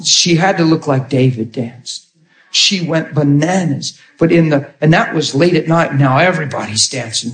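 A man preaching with a slightly high voice, animated and storytelling, often dropping to a soft hush when acting out what others said. The sound is roomy and echoey. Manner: animated, acts out quoted voices softly. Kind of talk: sermon storytelling. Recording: echoey room.

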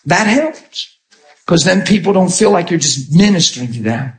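A man preaching with a slightly high voice, animated and storytelling, often dropping to a soft hush when acting out what others said. The sound is roomy and echoey. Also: moderate pace. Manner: animated, acts out quoted voices softly. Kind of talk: sermon storytelling. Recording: echoey room.

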